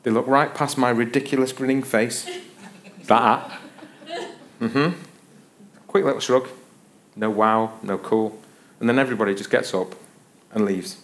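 A man's voice: medium pitch, steady tone, measured pace, pauses often, a bit bright, a little hiss or hum. A middle-aged man preaching a sermon, telling a self-mocking story with playful humor before teaching from a Bible passage.

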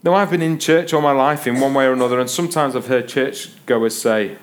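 A middle-aged man delivers a sermon in an ordinary mid-range voice, with lively intonation and a moderate pace. His storytelling is playful and self-mocking, and he slides easily from joking anecdotes into teaching.

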